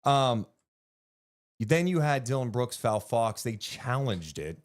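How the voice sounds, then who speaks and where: A man co-hosting a basketball podcast, talking through a game in animated, casual chat. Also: mid-range voice, slow pace. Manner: animated, swings up when excited, swears casually.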